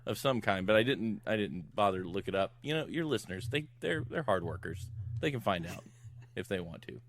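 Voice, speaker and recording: A man's voice: fairly low pitch, a little fast. A man guesting on a podcast, retelling a film plot in casual chat, acting out the characters' lines and laughing often. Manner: animated storyteller who acts out the characters' lines; laughs often while talking.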